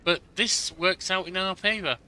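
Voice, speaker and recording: A man's voice: high-pitched, moderate pace, bright, forceful tone, pitched above the performer's own voice, low-quality recording. A man voicing an earnest young woman advisor who brings urgent news, read aloud from a game. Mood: hopeful. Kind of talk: reading game dialogue aloud.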